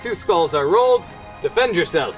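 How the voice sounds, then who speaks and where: A man's voice: a little high, expressive, normal speed, music in the background. A young man acting as game master, narrating a tabletop board game in a playful, jokey way.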